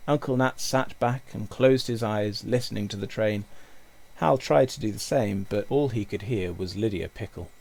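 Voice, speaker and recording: A male teacher reading a children's book aloud with expressive storytelling. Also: fairly low pitch, normal speed, gravelly. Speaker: primary school teacher.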